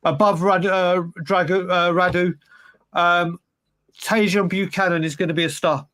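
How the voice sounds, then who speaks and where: A man's voice: high-pitched, steady tone, normal speed, fairly bright tone. A man co-hosting a casual football podcast, rambling and emphatic with lots of restarts. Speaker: podcast co-host.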